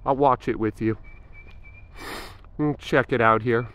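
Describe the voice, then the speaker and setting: A man's voice: medium pitch, steady tone, unhurried, fairly bright tone. A man in his forties talking casually in a fitness vlog, thinking aloud with frequent fillers and restarts. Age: 40s. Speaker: fitness vlogger.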